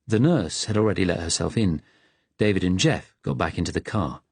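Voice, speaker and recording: A man narrates an audiobook in steady, measured tones, his voice low and husky. He reads close to a studio mic in a dry, dead space. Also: dry recording. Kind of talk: scripted narration.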